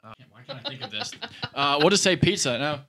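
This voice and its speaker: A man's voice: a little high, expressive, quick pace, bright, forceful tone. A man answering quiz questions as a guest on a casual podcast, joking and easygoing.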